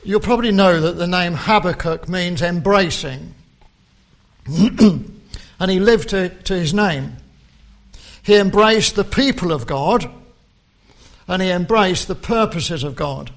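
A man preaching a sermon, slow and deliberate, quoting scripture with rising emphasis. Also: high-pitched, gravelly.

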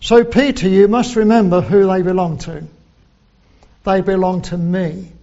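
A man preaching a sermon, slow and deliberate, quoting scripture in old English. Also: high voice, fairly even intonation, mellow, muffled recording.

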